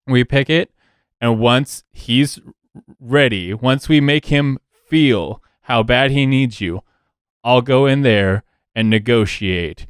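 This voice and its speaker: A man's voice: mid-range voice, smooth, no echo, clean studio sound, natural voice. A man voicing an earnest male union organizer rallying workers in a tabletop game, speaking in short rousing sentences.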